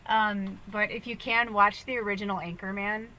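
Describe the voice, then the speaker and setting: A woman's voice: mid-range voice, fairly even intonation, normal speed, bright, forceful tone, slight background noise, poor audio. A young woman talking casually as a spiritual medium, rambling and laughing as she jumps between thoughts. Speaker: spiritual medium giving a tarot reading. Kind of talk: casual spiritual guidance talk.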